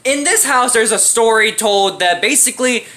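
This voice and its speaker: A young woman tears into a film in a casual, profanity-laced rant full of sarcasm. Her voice is bright and fairly high, swinging widely in pitch as she riffs. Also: lively intonation, moderate pace. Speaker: movie reviewer. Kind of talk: casual comedic movie rant.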